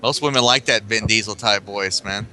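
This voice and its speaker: A man's voice: on the low side, moderate pace, pushed and bright. A man chatting and joking crudely during an online tabletop game session. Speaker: player. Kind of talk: casual tabletop game chat.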